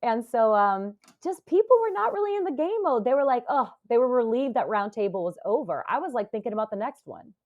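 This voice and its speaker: A woman in her forties, a podcast guest, talking casually and telling stories with lively acted-out quotes. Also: a little high, fairly quick, few pauses, narrow, tinny audio. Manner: animated storytelling, acts out quoted voices. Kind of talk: casual interview talk.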